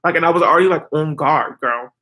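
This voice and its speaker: A woman's voice: deep voice, fast talker. Chatty young woman telling a travel story. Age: 20s. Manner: animated, chatty, heavy use of "like" and "girl". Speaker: vlogger. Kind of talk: casual storytelling to camera.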